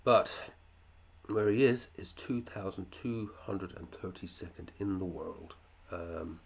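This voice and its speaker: Deep gravelly man, casual chat. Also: slow. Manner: chatty, muttering asides, swears casually. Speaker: fantasy football podcast host. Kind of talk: casual chat reviewing listeners' teams.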